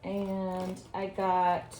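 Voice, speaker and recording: A middle-aged woman chatting casually to her viewers about her crafting finds, excitable and full of fillers. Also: mid-range voice, extremely slow, slight background noise. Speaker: crochet vlogger.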